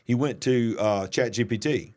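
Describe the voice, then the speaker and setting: A man's voice: medium pitch, moderate pace, a little mellow. Rambling man hosting a talk show. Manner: rambling, restarts sentences, emphatic. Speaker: podcast host. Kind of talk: casual conversational commentary.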